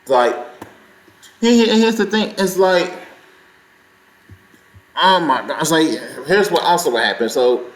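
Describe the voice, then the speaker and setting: A man with a high voice hosts a sports reaction vlog and rants in an excitable, rambling way. His pitch swings widely as he talks, and the room around him is echoey. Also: unhurried, long pauses. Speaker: sports channel host.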